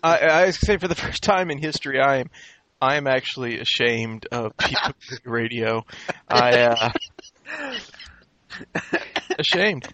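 A man's voice: mid-range voice, unhurried, pauses often, pushed and bright, no room sound, highs cut off. Mock-solemn man with a dry close sound. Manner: mock-solemn, theatrical apologies. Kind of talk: casual group chat.

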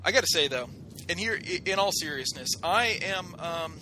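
A man's voice: high-pitched, expressive, moderate pace, noisy background. A man co-hosting a podcast in casual chat, mock-boastful and theatrical as he jokes with his friends. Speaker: podcast co-host.

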